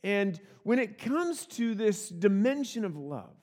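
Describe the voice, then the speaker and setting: A man's voice: high-pitched, big pitch swings, slow, a little mellow. Man preaching a folksy sermon, long hall reverb. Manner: folksy, storytelling, frequent restarts and repeated words. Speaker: pastor. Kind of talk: conversational sermon with personal stories.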